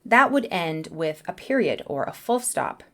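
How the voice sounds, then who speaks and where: A woman teaching a beginner English lesson, speaking in a clear, careful way. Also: on the low side, sing-song, a little slow.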